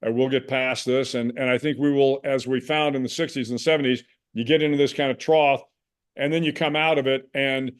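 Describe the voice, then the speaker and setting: Reflective older American man, measured. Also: medium pitch, steady tone, clear, resonant tone. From United States. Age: 60s. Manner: measured and reflective, with frequent restarts. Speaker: guest. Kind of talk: conversational interview.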